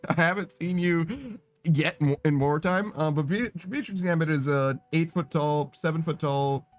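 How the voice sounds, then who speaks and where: A man's voice: fairly high pitch, moderate pace. A man streaming a game, chatting casually with his viewers, rambling, laughing often and swearing. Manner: giggly, rambling, self-mocking, swears a lot. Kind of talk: casual live-stream chat while gaming. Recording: dry close mic with faint music behind.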